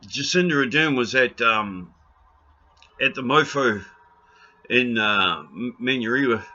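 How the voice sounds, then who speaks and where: A man's voice: mid-range voice, unhurried, pushed and bright, muffled recording. A New Zealand man in an impassioned rant to camera, blunt and pleading, raising his voice and swearing freely. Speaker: video blogger.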